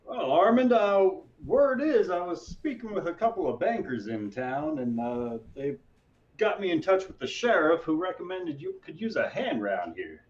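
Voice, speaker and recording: A man voicing a wandering frontier stranger who talks with polite, old-fashioned formality. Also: moderate pace. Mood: courteous. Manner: polite, old-fashioned phrasing, lively pitch. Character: drifting male stranger, courteous and formal. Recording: dull lo-fi mic.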